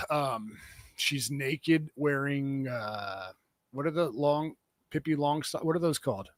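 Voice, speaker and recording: A man's voice: mid-range voice, a little slow, no echo, studio quality. A man hosting a comedy podcast, rambling through casual banter with plenty of fillers and restarts. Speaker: podcast host.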